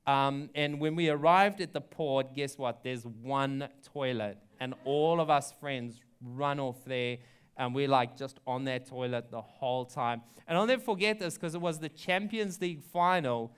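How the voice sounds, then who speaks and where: A man's voice: medium pitch, unhurried, smooth. A young adult man, a pastor, telling a story in a sermon in a chatty way, with many ums and likes. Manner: chatty, frequent ums and likes, laughs at his own story.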